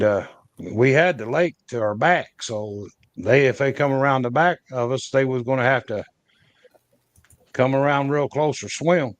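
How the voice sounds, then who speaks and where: A man's voice: medium pitch, no echo. A man casually telling a long encounter story as a podcast guest, in a folksy, rambling way with rural grammar and frequent restarts.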